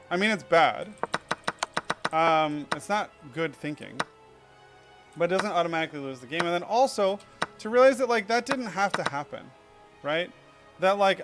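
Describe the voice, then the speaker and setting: A young man casually reviewing his own chess game in a rambling, self-critical way, full of fillers. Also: sits high.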